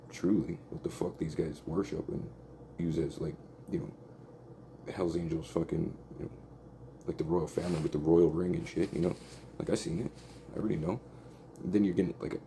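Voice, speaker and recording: A man's voice: sits low, gravelly, mellow, slight background noise. A man in a rambling, angry monologue, swearing a lot and saying "like" and "right?" constantly. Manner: agitated, profane, repeats "like" and "right?".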